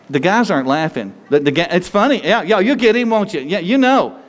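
A man's voice: high voice, animated, quick pace, hardly any pauses. Folksy male preacher in a reverberant hall. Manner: folksy, joking preacher who talks straight to the congregation. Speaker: pastor. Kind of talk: sermon.

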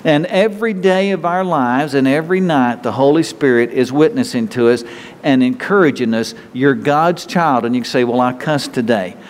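A man's voice: mid-range voice, normal speed. A male pastor preaching a conversational sermon, with self-talk and quoted prayers, to a church congregation. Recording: long hall reverb.

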